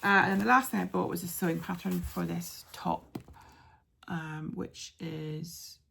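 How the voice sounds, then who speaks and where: Female craft-podcast host, casual and chatty, heavy vocal fry, faint background noise. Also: on the low side, steady tone, a little slow. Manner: chatty, with many ums and soft asides. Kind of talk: casual chat showing yarn and patterns.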